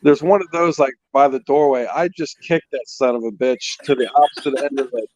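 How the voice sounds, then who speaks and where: A man telling a story in a casual chat, animated and laughing as he goes. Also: medium pitch, a little fast, dry recording. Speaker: co-host, father of the host. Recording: dull, dry lo-fi sound.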